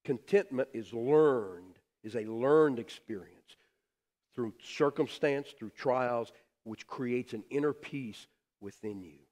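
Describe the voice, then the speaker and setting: A middle-aged man preaching a sermon as pastor, telling stories with animated emphasis that drops to soft, quiet phrases. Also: mid-range voice, slow pace. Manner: animated storytelling, swings from loud emphasis to soft near-whispers. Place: church sanctuary. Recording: long hall reverb.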